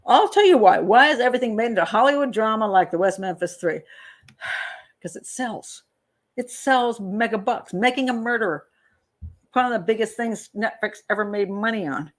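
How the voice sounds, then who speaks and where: An older woman, a criminal profiler, hosts a live show, chatting casually as she reads viewer comments aloud. Her voice is medium-pitched, and she rambles with lots of fillers and little laughs in this casual live-stream commentary.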